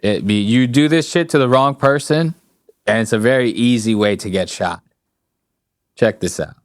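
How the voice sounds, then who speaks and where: A young man hosting a casual podcast, talking loosely and swearing freely, often breaking into laughter. His voice sits at an ordinary middle pitch and sounds close and dry, with no room around it. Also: moderate pace, no echo. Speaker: podcast host.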